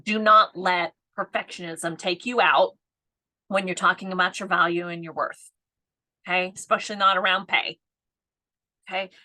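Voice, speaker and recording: A woman's voice: fairly low pitch, steady tone, normal speed, long pauses, bright, forceful tone. A woman in her fifties giving a casual live coaching talk, laughing often and tagging her points with "right?". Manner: chatty, laughs often, keeps asking "right?". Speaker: business coach.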